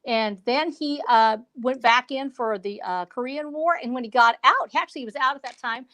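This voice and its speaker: High, bright-voiced woman in her fifties. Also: normal speed. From Texas. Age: 50s. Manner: playful, theatrical, joking. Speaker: author guest. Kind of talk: casual interview chat.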